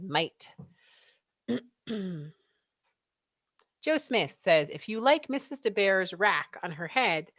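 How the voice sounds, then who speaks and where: A woman's voice: mid-range voice, no room sound, clean studio sound. A woman co-hosting a casual livestream, chatting and reading viewer comments aloud. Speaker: livestream co-host reading chat. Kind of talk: casual chat.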